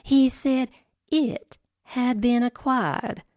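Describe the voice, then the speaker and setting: A woman playing a slow, suspicious wife. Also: fairly high pitch, darkish tone, no room sound, clean studio sound. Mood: wary. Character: suspicious wife snooping on her husband.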